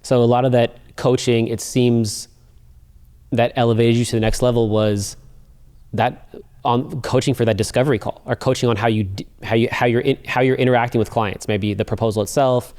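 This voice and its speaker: A man hosting a podcast interview, asking halting questions with restarts. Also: mid-range voice, steady tone, darkish tone. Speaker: podcast host.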